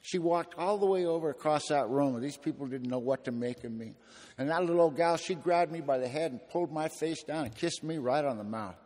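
A man's voice: a little high, fairly quick, a little mellow. Streetwise man telling his story in an echoey hall. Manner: gritty storytelling with streetwise slang and dry humor. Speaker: speaker at a recovery meeting. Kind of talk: personal testimony talk.

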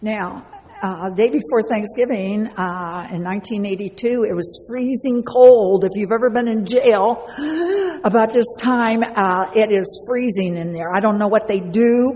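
A woman's voice: mid-range voice, darkish tone. A woman giving a chatty personal testimony to a live audience, laughing often and speaking to listeners directly. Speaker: speaker sharing a recovery story. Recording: long hall reverb.

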